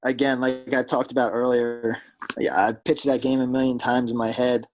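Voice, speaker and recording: A man's voice: mid-range voice, normal speed, low-quality recording. A young man from South Jersey, a ballplayer telling stories casually in an interview, filling his talk with "like" and acting out quotes. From South Jersey, USA. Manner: animated storyteller, acts out quotes in a raised voice, many "like" fillers. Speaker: professional pitcher, guest.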